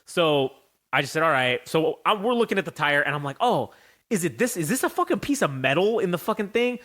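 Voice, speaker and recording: A young man hosting a casual podcast, telling stories in a profane, animated way. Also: on the high side, brisk. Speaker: podcast host.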